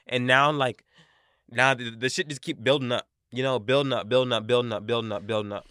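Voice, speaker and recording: A young man co-hosting a podcast, telling an animated, profane story in casual chat. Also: medium pitch, no echo, studio quality. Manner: animated, profane, replays his own quotes. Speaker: podcast co-host.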